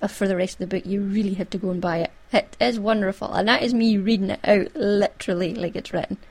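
A woman's voice: medium pitch, steady tone, fast, darkish tone. A woman with a Scottish accent chatting casually and wryly as a host, amused at her own stories. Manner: chatty, wry, self-amused. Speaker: podcast host. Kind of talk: casual chat.

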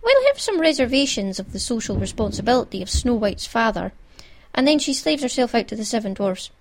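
Scottish woman, casual chat, wry, self-amused, somewhat high voice. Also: sing-song, a little fast, a little hiss or hum. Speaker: podcast host.

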